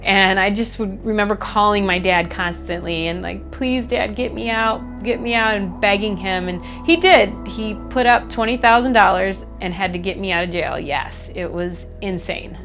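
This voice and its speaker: A young woman from Chicago telling her personal story in a documentary interview, candid and reflective, halting often with fillers. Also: mid-range voice, a bit bright. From Chicago, USA. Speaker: MMA fighter. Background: faint background music.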